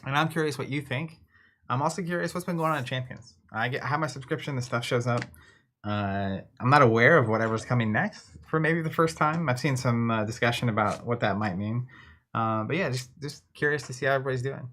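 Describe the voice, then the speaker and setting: A man's voice: mid-range voice, fairly quick, fairly bright tone. A man co-hosting a casual tabletop game stream, chatting and speculating at length. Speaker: co-host. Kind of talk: casual chat.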